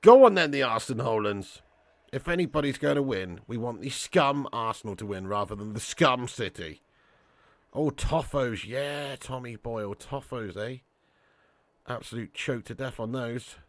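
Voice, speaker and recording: Excitable, very animated male football streamer. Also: mid-range voice, no room sound. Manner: excitable, slangy, quick to indignant outbursts. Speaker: match watch-along host. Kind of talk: live football commentary and chat reading.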